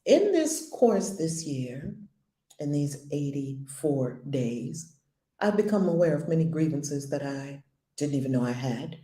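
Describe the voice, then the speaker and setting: Earnest woman teaching, warm roomy sound. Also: deep voice, sing-song, a little slow. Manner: earnest, emphatic, repeats phrases; conversational with playful asides. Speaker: spiritual teacher. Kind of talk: spiritual lesson talk.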